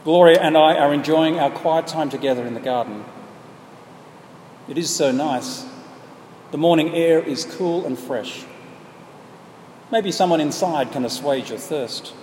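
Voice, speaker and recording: A man voicing a calm, kindly gardener who speaks gently but firmly. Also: on the high side, unhurried, long pauses, close to an everyday voice. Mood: gentle. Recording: echoey hall, faint background noise.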